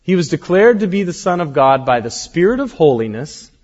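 Pastor, male, casual animated preacher; dull-toned recording with long church-hall reverb. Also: on the high side, brisk. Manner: conversational, animated storytelling with acted quotes. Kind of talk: sermon.

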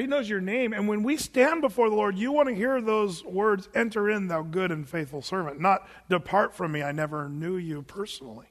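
A man preaching a sermon in a church, telling stories with animated delivery and laughing with the congregation. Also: sits high, normal speed, big-room sound. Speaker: pastor. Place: church sanctuary.

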